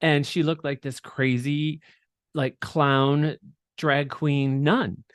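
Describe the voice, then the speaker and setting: A man's voice: a little high, flat delivery, slow, smooth, no room sound, clean studio sound. A middle-aged man as an interview guest, telling his story candidly and with animation, laughing often and swearing freely.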